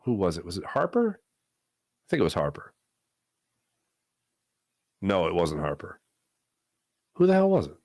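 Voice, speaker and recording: A middle-aged man hosting a live sports talk show, answering chat in a rambling, animated way. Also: a little slow, long pauses, dry recording, clean studio sound. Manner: animated, rambling, swings between low asides and loud bursts.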